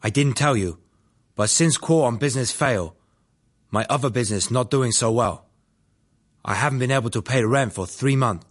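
A man's voice: mid-range voice, moderate pace, long pauses, lightly acted. A man voicing a struggling Hong Kong businessman who speaks blunt, broken English. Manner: broken English, short plain sentences.

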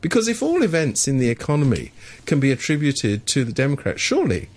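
A man's voice: mid-range voice, wildly swooping pitch, fast talker. A man co-hosting a radio talk show, chatting about politics in a sardonic, mocking way. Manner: sardonic, mocking, mimics officials. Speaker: radio co-host. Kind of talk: casual political chat on radio. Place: radio studio.

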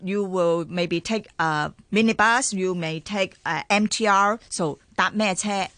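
Lady co-hosting a casual chat, halting with lots of fillers, dry sound. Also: medium pitch, a bit bright, dry recording. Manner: halting, many fillers, joking. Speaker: co-host.

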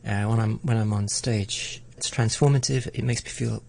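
A man's voice: on the low side, steady tone, moderate pace, vocal fry, darkish tone. A middle-aged man in a conversational interview, talking reflectively with frequent restarts and stammered repeats. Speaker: interviewee, arts broadcaster.

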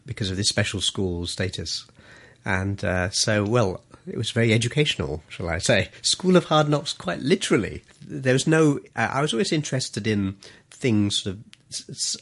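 A middle-aged man speaks in a low, gravelly register with a husky edge. He tells his stories with dry, self-mocking humour, sounding like a relaxed interview guest. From grew up in Malaysia and London. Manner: humorous, self-deprecating anecdotes with frequent laughs. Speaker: interview guest, journalist and author. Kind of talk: casual storytelling interview.

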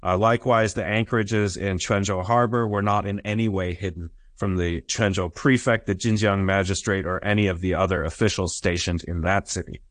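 Male academic lecturer, lowish voice, dry close mic, explanatory with frequent fillers. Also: steady tone, moderate pace, few pauses, no echo. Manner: explanatory, frequent "uh" and "right?" checks. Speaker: history lecturer. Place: lecture recording.

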